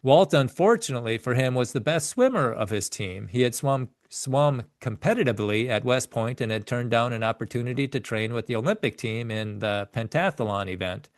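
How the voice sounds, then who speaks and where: A man's voice: medium pitch, animated, moderate pace, few pauses, no room sound, studio quality. A man reading a biography chapter aloud in an earnest way, often stumbling and correcting himself mid-sentence. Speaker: narrator reading a book chapter.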